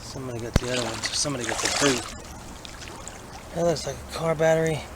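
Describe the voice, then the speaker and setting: A man's voice: medium pitch, quick pace. Chatty man at a creek. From Alabama. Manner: chatty, excitable, talks to himself while searching. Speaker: vlogger. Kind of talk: casual outdoor narration. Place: outdoors at a creek. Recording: outdoor recording with clear background noise.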